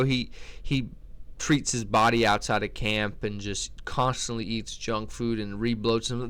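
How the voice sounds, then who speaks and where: Blunt, slangy man with a smooth voice. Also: mid-range voice, a bit bright. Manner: blunt, slangy, trash-talking, with lots of restarts. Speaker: MMA commentator ranking fighters. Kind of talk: casual opinionated commentary.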